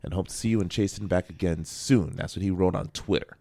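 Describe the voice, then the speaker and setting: A man's voice: low voice, a little fast, creaky, warm tone, no echo. A man co-hosting a podcast, chatting loosely through the news with a rambling, jokey manner. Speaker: podcast co-host. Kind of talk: casual news chat. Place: local radio studio.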